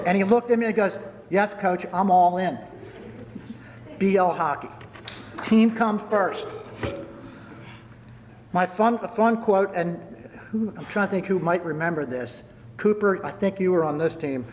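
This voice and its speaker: An older man delivers a retirement party speech, running down names and telling hockey stories. His voice sits high for a man. The sound carries a long reverb from a large hall. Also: measured pace, long pauses, slight background noise. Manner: storytelling, thanking people by name.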